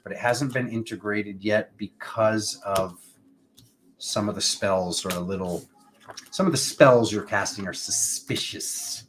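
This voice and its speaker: A man's voice: mid-range voice, slow, slight background noise. A man giving a casual tarot reading to camera, rambling and playful, with asides to people off camera. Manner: invokes cosmic forces in an incantatory tone. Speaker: tarot reader.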